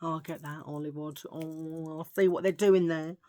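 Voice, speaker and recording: A woman's voice: sits low, fairly even intonation, moderate pace, mellow, dry recording. Chatty English woman, dry close mic. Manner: chatty, joking, cheeky asides. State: under the weather. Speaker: vlogger. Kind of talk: casual chat.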